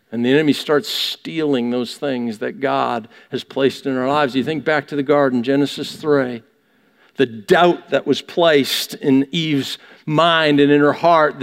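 A man with a high voice delivers a sermon from the pulpit, driving his message home with rhetorical questions. His words ring out with a long reverb across the church hall. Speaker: pastor. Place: church sanctuary.

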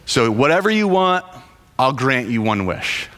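A man voicing a smooth-talking magic king cobra who pleads and coaxes, in a storytelling voice with long reverb. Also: medium pitch, big pitch swings, a little slow, fairly bright tone. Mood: coaxing. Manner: pleading, coaxing.

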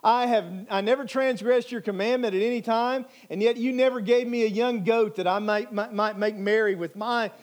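A man's voice: sits high, steady tone, normal speed, hardly any pauses, voice pushed up, close to an everyday voice. A man voicing a self-righteous, resentful older brother, a young man in a parable, with an indignant, complaining manner.

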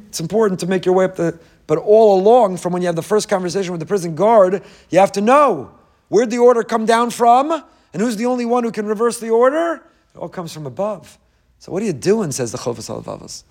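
A man's voice: high voice, darkish tone. A man, a rabbi, teaching a Torah class full of parables, asking rhetorical questions and mixing in Hebrew quotes.

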